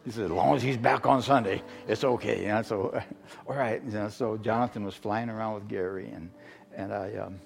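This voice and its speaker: A man's voice: lowish voice, steady tone, vocal fry. Preaching man in a reverberant church. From Arizona. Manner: halting storytelling with many fillers and restarts. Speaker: guest preacher. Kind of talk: sermon testimony. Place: church sanctuary. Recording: long hall reverb with faint music.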